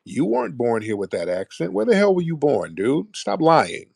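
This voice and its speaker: A man's voice: mid-range voice, big pitch swings, moderate pace, creaky, a little mellow, breathy edge, no echo, clean studio sound. A man hosting a heated call-in debate, mocking and combative, talking over his caller. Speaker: host.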